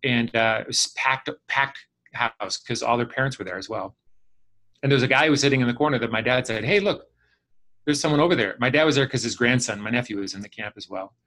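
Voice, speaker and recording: This Chicago-area man has a medium-pitched voice and talks fast. Appearing as a guest in an online class over video call, he spins a lengthy tale with lively energy, performing each character's quoted lines.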